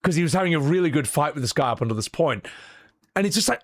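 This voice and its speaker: A man hosting a casual livestream, telling a story in an animated way with lots of fillers. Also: on the high side, fast, no echo. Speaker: show host.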